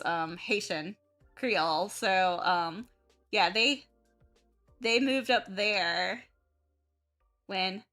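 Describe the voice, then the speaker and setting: Slow-talking bright young woman streamer. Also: mid-range voice. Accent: Midwest-Southern American. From southern United States. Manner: rambling, self-correcting, chatty. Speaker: art streamer. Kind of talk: casual chat while drawing.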